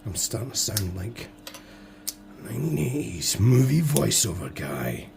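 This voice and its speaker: A man with a hoarse, fading voice, muttering to himself and joking at his own expense as he builds toy models. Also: fairly low pitch, very animated, unhurried, noisy background. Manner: muttering to himself, self-deprecating. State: hoarse, voice going. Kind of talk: casual build commentary.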